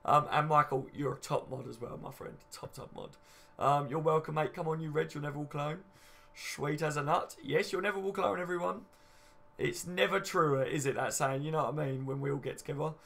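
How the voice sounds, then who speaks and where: A man's voice: fairly high pitch, fairly quick, vocal fry, bright, forceful tone. A man in his late twenties hosting a casual fan livestream, chatty and matey, reading out viewer comments and swearing freely. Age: late 20s. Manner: chatty, matey, swears casually, says "you know what I mean" a lot. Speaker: fan channel livestream host.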